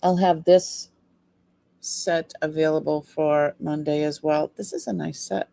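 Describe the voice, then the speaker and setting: Slow, low-voiced woman chatting on stream. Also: fairly even intonation, creaky, dark tone, dry recording. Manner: chatty, rambling, trails off with fillers. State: sleepy, yawning. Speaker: jewelry seller on a live stream. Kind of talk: casual live-stream chat.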